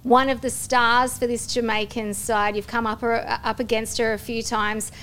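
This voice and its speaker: A woman hosting a sports podcast, steering a casual panel chat with brisk questions. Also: fairly high pitch, little pitch movement, fairly bright tone, slight background noise. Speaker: podcast host.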